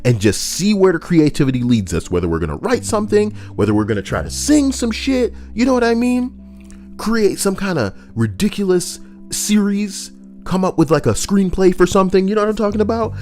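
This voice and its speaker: A young man doing casual, profane commentary that rambles and swings between loud rants and low mutters. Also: very animated, brisk, faint music behind. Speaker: YouTube commentator.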